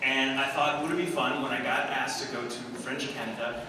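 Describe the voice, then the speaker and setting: A man's voice: medium pitch, steady tone, fairly quick. A man guesting on a convention panel, telling self-mocking stories to an audience with frequent laughter. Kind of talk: animated storytelling to an audience. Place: large convention hall. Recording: echoey hall, distant mic, loud crowd. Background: audience laughter and noise.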